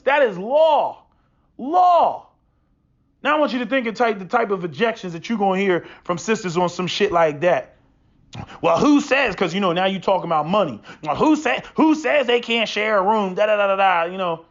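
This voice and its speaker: A man's voice: high-pitched, fairly bright tone. A man in a profane, preachy opinion monologue who often stumbles into repeated restarts. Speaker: podcast host. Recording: dull lo-fi sound.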